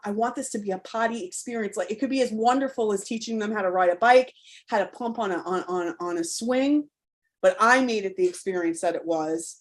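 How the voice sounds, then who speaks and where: A woman coach giving a live online talk to parents, frank and spirited, cursing freely in a conversational, rallying way. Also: mid-range voice.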